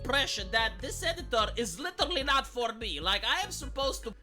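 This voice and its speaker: A man's voice: extremely high pitch, sing-song, fairly quick, pushed and bright, faint music behind. A man with an accent, complaining earnestly in a video monologue, often stalling and restarting.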